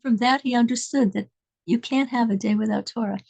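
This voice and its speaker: Brief: woman storyteller, high voice, loose and meandering conversational telling. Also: fairly quick, creaky, a little mellow, low-quality recording. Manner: meandering, searching for details. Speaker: speaker telling an inspirational story.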